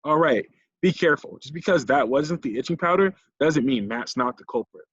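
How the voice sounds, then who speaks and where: A man voicing a sharp, serious girl detective who talks earnestly. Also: a little high, expressive, fairly quick, breathy edge, no echo, lo-fi sound, voice pushed up. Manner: earnest and careful.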